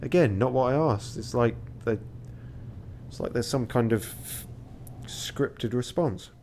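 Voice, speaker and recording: A man's voice: mid-range voice, slow, darkish tone, slight background noise. A tired man streaming a game, reading its text aloud and making wry, muttered asides.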